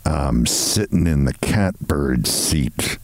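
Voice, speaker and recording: A man voicing a meek, neat office clerk in a read-aloud story, calm and deadpan. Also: rumbling low, slow, no echo, pitched below the performer's own voice, heavily acted.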